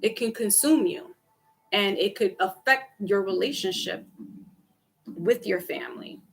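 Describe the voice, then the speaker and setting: A woman's voice: medium pitch, unhurried, vocal fry, low-quality recording. A woman giving a casual tarot reading to her viewers, chatty and talking to people in the chat by name. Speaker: tarot reader. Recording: music playing behind.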